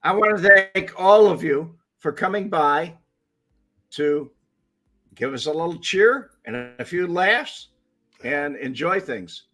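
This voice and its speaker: Slow-talking older man, dry host. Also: a little high, animated, fairly bright tone, soft background music. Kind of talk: casual live-stream chat.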